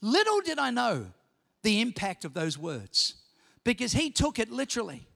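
Australian man, middle-aged pastor, very high voice, bright and sharp tone, animated sermon storytelling, long hall reverb. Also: normal speed, gravelly. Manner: animated storytelling, rising to shouts. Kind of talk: sermon with personal stories.

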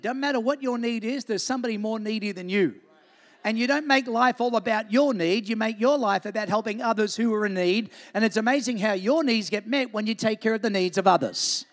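A man's voice: high-pitched, brisk. A man, a pastor, preaching a sermon and calling on the congregation to say amen. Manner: preaching with call-and-response asks for amen. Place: church. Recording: long hall reverb.

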